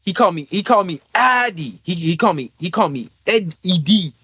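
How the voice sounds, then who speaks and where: A man's voice: high voice, expressive, fairly quick, bright, forceful tone, slightly rough, no echo, muffled recording. A young man co-hosting a casual podcast, telling a rambling, profane story. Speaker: podcast co-host.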